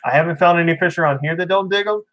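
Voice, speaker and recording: A man's voice: on the high side, racing, a bit bright, low-quality recording. A man chatting casually on a livestream, rambling as he reads out viewer comments and talks about his tanks. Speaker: fish-keeping livestreamer.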